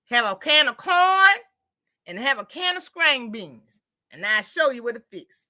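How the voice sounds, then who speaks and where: A woman hosting a casual chat speaks in a high, bright voice and a little slowly. Relaxed and talkative, she tells everyday stories and slips into quoted dialogue to retell what people said.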